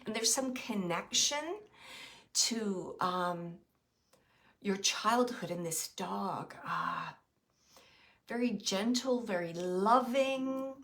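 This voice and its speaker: A woman with a bright, clear voice gives a live psychic reading to her viewers. She thinks aloud, hesitating often and filling pauses with small sounds as she describes impressions the moment they come to her. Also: medium pitch, animated. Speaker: psychic medium.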